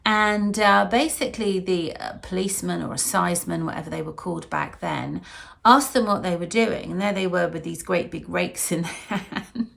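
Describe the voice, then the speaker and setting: Chatty woman with a gravelly voice. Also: lowish voice, normal speed, a bit bright. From Wiltshire, England. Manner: chatty storytelling with fillers and asides. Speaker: singer-songwriter host. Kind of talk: casual chat to camera. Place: home kitchen, indoors.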